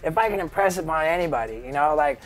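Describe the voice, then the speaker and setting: A man's voice: on the high side, expressive, fast. Rambling man telling wild stories. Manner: rambling, heavy use of "like" and "you know". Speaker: guest. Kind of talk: casual interview storytelling.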